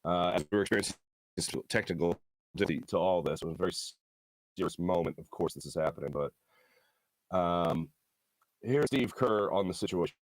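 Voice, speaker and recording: A hoarse man with a lowish voice hosts a sports talk show from a studio. He speaks in an earnest, halting, heartfelt way, and the recording sounds dry and close. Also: dry recording.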